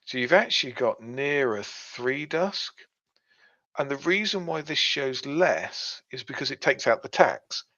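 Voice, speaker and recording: A man's voice: medium pitch, expressive, unhurried, bright, forceful tone. A man co-hosting a podcast, explaining things step by step with plenty of fillers in a casual chat. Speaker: podcast co-host. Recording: dull lo-fi sound.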